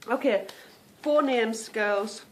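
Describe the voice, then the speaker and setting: A woman hosts a podcast from home, chatting casually and calling her listeners "girl" and "girlies." Her voice is a little high and she speaks slowly. There's a slight hiss or hum on the recording.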